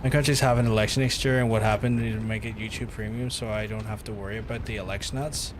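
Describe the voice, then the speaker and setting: A man's voice: fairly low pitch, fairly even intonation, quick pace, noisy background. A young man, chatting loosely with viewers while playing a game, rambling and swearing. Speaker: game streamer. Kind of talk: casual livestream chat while playing.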